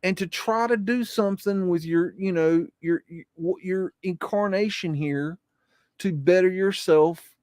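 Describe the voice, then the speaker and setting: A man hosts a casual livestream, excitable and rambling, with plenty of swearing. His voice sits a little high for a man. The sound is close and dry. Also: unhurried, no room sound. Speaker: livestream host.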